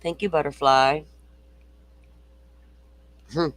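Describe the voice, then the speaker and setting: A man's voice: a little high, steady tone, slow, a bit bright, no echo. A middle-aged man hosting a casual true-crime livestream, swearing freely and reading viewer comments aloud. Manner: profane, ranting, reads viewer comments aloud.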